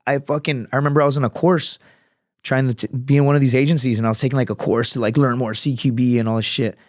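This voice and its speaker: A man's voice: medium pitch, fairly even intonation, fast talker, no room sound, studio quality. A man talking as a podcast guest, in a casual, profane, storytelling manner. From United States. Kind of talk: casual interview chat.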